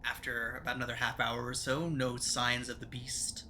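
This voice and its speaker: A man running a tabletop game as game master, describing scenes in measured, descriptive narration. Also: medium pitch, level tone, sharp tone, slight background noise.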